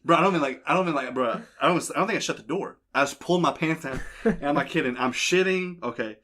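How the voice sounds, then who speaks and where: Fast-talking crude young man. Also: on the high side, sharp tone, a little hiss or hum. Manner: crude, rambling, fast storytelling. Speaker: podcast host. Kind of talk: casual storytelling. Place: basement.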